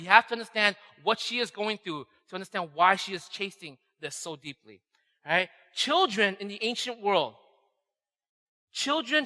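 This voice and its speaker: A pastor with a high, sharp-toned voice preaches a conversational sermon, often checking in with "right?" and acting out quoted voices. The recording carries a long hall reverb.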